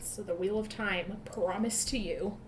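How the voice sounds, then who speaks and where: A woman's voice: medium pitch, steady tone, echoey room, a little hiss or hum. Sarcastic woman recapping with profane asides. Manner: sarcastic, profane, acts out characters in quick asides. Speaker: podcast co-host recapping a book. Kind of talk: casual chat.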